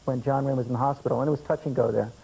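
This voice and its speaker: A man's voice: mid-range voice, steady tone, rapid-fire, gravelly, warm tone, breathy edge, low-quality recording. A man in his thirties, a talk show guest and former political adviser, telling dry, self-deprecating anecdotes. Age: 30s. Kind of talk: anecdotal storytelling. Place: TV studio. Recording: VHS archive tape with faint hiss.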